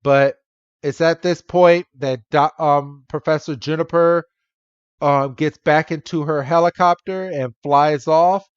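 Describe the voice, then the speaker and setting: A man co-hosting a podcast, recapping a cartoon episode in a wry, animated way with small self-interruptions. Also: on the high side, unhurried, clean tone, no echo. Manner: animated and wry, laughing at his own rants. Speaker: podcast co-host. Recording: dull dry podcast mic.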